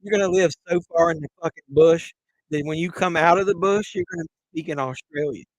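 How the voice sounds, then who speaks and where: Male stream host, raunchy banter, laughs at his own gags, a bit high-pitched, dry room. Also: fairly quick, no echo. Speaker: livestream host. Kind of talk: crude joking chat with live viewers.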